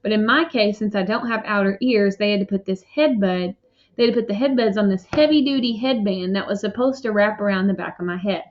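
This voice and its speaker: A woman giving an expressive first-person audiobook narration. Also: medium pitch, fairly quick. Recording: dull lo-fi recording.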